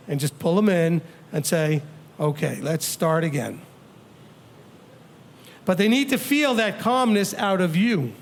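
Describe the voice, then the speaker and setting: A high-voiced man teaches a congregation as their rabbi. He talks in a loose, conversational way, slipping into other people's voices to act out what they might say. He keeps turning to the listeners with direct questions. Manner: animated, acts out quoted people and questions the audience.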